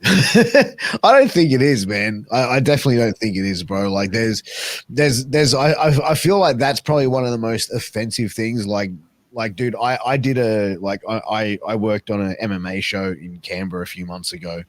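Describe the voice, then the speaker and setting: A man's voice: on the low side, steady tone, a little fast, no room sound. A man with an Australian accent hosting a casual podcast, chatty and swearing freely, often acting out what others said. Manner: chatty, swears, acts out quoted people. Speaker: podcast host.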